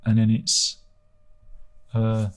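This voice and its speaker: A man's voice: fairly low pitch, completely flat delivery, drawn-out words, clear, resonant tone. A man hosting a livestream, reading out viewer comments in a rambling, self-deprecating way and swearing casually. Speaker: livestream host.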